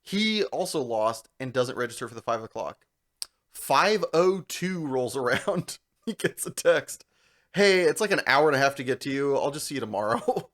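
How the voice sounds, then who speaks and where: Gravelly young man telling a story. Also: on the high side, normal speed. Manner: animated, laughs through his story. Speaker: podcast co-host. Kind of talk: casual storytelling chat.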